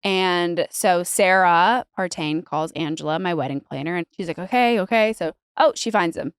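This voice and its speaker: A woman telling a wedding story in casual chat, animated and swearing freely. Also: fairly low pitch, moderate pace, clear, resonant tone, no room sound, studio quality. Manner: animated, swearing, acts out quoted voices. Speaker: podcast guest, bride telling her wedding story.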